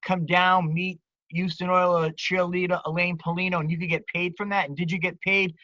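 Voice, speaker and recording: High-voiced man asking long questions. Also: flat delivery, fairly quick, sharp tone, no room sound, lo-fi sound. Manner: asks long, winding questions. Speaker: co-host. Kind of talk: casual interviewing on a video chat show.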